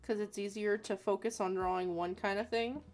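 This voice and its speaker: A woman's voice: mid-range voice, steady tone, normal speed, darkish tone. A woman in her thirties, an artist chatting casually with viewers while drawing, rambling and self-deprecating. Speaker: artist hosting a chat stream.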